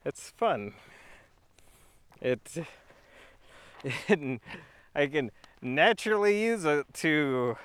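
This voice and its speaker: Goofy rambling man with a lively voice. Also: mid-range voice, slow pace, long pauses, smooth. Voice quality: goofy, slightly throaty voice. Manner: rambling and goofy, with frequent laughs and restarts. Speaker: video creator. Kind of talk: casual monologue to camera.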